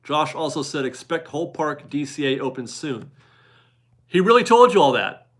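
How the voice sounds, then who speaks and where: A man's voice: fairly high pitch, very animated, moderate pace, fairly bright tone. A man in his forties hosting a casual live stream from his garage, chatty and upbeat as he reads viewer donations aloud and laughs often. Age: 40s. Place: home garage.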